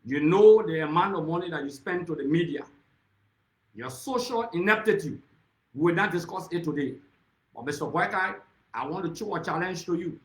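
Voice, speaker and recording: A man's voice: fairly high pitch, moderate pace, roomy sound, rough recording. A man with a Liberian accent giving an impassioned, accusatory political speech, repeatedly addressing his target by name. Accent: Liberian English. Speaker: political speaker.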